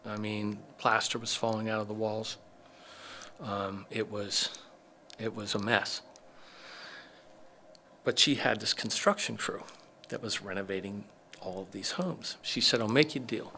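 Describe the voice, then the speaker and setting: A man's voice: fairly low pitch, steady tone, a little slow, sharp tone, slight background noise. A middle-aged man, a chiropractor, telling his story as a podcast guest, acting out the dialogue of people he quotes. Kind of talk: casual storytelling interview.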